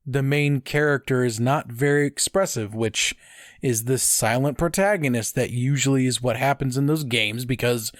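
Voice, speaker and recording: A man chatting casually on a podcast about video games, rambling and animated with many restarts. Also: mid-range voice, normal speed, no echo, studio quality. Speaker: podcast co-host, streamer. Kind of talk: casual chat.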